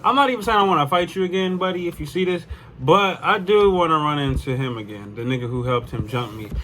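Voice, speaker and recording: Young guy telling a story, kinda high bright voice, swears a lot, says like constantly. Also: lively intonation, quick pace, a little hiss or hum. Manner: rambling, profane, lots of "like". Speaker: vlogger. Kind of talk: casual storytime.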